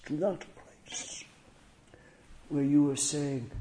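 A male preacher delivering a sermon, slow and emphatic, often dropping to near whispers. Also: on the high side, animated, warm tone, a little hiss or hum.

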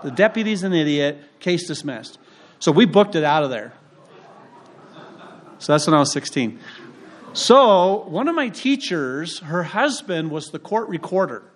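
A male pastor delivers his sermon as relaxed, humorous storytelling, leaning on his own anecdotes. His voice sits somewhat high for a man, and the delivery stays conversational rather than formal. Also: a little slow, pauses often. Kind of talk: sermon with personal stories. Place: church.

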